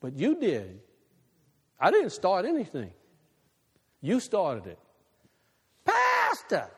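A man preaching a sermon with a fairly high voice that swings widely up and down. His delivery is animated, loud one moment and hushed the next. His voice carries a long reverb, as if heard in a big hall. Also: takes it slowly, slightly rough. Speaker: pastor.

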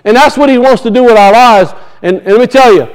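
Man, middle-aged, pastor preaching, high voice, rhetorical questions. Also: quick pace, smooth, rough recording. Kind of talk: sermon.

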